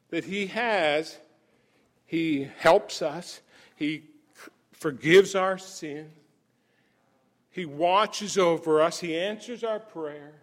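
A man preaching a sermon, telling the story with chuckles, emphatic exclamations and shifts between soft and loud passages. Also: on the high side.

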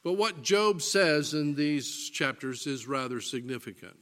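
Male preacher, unhurried, bright and forceful tone, emphatic sermon delivery. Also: fairly high pitch, lively intonation. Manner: deliberate and emphatic, reading scripture aloud.

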